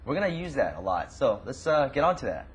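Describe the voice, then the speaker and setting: A man's voice: mid-range voice, big pitch swings, quick pace, heavy background noise. A man co-hosting a language lesson, explaining casually with many hesitations. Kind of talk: casual teaching chat.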